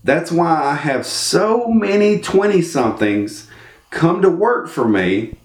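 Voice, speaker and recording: A man telling a story in casual talk and acting out the voices in it. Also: a little high. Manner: animated, acts out the voices in his story. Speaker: storyteller giving life advice. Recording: echoey room.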